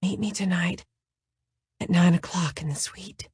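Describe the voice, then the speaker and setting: Brief: breathy, bossy seductress, soft and raised in pitch, as a female narrator puts her on, audiobook. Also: fairly even intonation, unhurried, dry recording, clean studio sound. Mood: sultry. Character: sultry seductive woman, breathy and commanding.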